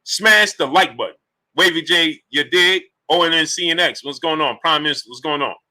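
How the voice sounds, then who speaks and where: A man hosts a live boxing stream, greeting chatters by name and pressing his argument with emphatic, repeated questions. His voice is very bright and keen, pitched a little higher than most men's, and his delivery is lively. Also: normal speed. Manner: animated, repetitive, emphatic rhetorical questions. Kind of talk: live-stream commentary reading super chats.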